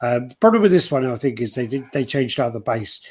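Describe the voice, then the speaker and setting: Male stream host, husky voice, casual sweary storyteller, reads out chat. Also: mid-range voice, expressive, fairly quick. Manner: swears a lot, tells stories, reads out chat names. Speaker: host of a collectibles livestream.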